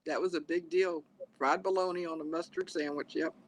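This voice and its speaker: A woman's voice: deep voice, steady tone, a little fast, a little hiss or hum. A woman on a live chat panel, laughing often and joking playfully. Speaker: panel member. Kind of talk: casual chat.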